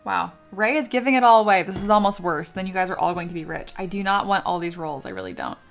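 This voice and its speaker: A woman's voice: fairly low pitch, animated, quick pace, gravelly, soft background music. A young woman streamer chatting casually with her viewers, swearing and playing up dramatic mock outrage. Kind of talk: casual live-stream chat.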